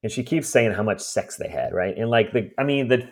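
A man's voice: mid-range voice, brisk. A man who runs home cleanouts, telling stories in a conversation and acting out the people in them. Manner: animated storyteller, acts out voices. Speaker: estate cleanout business owner. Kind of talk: storytelling in a conversation.

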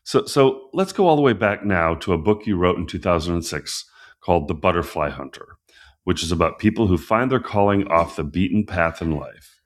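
A man's voice: sits low, expressive, normal speed. A man hosting an interview, asking questions and affirming his guest's answers. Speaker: interviewer host. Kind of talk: conversational interview.

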